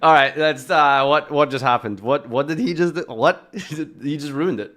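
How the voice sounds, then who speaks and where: A man's voice: a little high, normal speed, fairly bright tone. A man giving reaction commentary on a video, blunt and incredulous, swearing at times.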